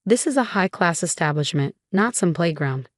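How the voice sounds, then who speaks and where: A woman's voice: on the low side, lively intonation, normal speed, dry recording, studio quality, natural voice. A woman voicing a disdainful, condescending older mother-in-law. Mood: haughty. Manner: condescending, haughty.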